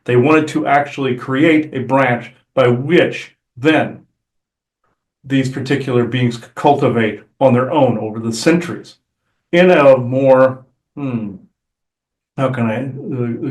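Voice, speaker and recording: A man channeling a calm male Sasquatch elder, speaking in a slow, deliberate, formal way. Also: mid-range voice, lightly acted. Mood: measured. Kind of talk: channeled spirit speech. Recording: roomy echo.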